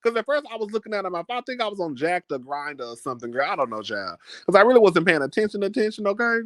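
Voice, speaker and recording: A man's voice: high-pitched, very animated, fast talker, a bit bright, no room sound. Chatty man telling a story, dry sound. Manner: chatty, dramatic, keeps calling listeners "girl". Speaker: vlogger. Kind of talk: casual storytelling to camera.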